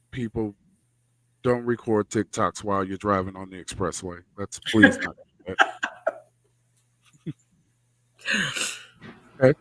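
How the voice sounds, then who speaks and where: Slow, soft-spoken male talk-show host. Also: fairly low pitch. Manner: slow and personal, soft-spoken with gentle laughs. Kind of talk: reflective talk-show chat.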